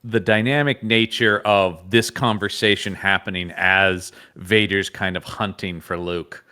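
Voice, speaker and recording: A man's voice: deep voice, measured pace. A man co-hosting a podcast, chatting casually about a comic and laughing often. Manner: animated, laughs often, frequent restarts. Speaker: podcast co-host. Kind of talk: casual comic book discussion.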